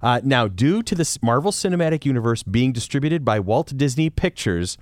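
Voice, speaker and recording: A man's voice: medium pitch, moderate pace, no room sound, studio quality. Chatty male podcast host. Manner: relaxed, chatty, reads out announcements. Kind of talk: casual podcast chat.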